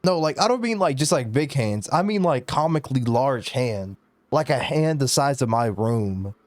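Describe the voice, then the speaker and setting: A man's voice: mid-range voice, expressive, normal speed. A man in a casual podcast chat, laid-back and rambling, swearing freely. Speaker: podcast co-host.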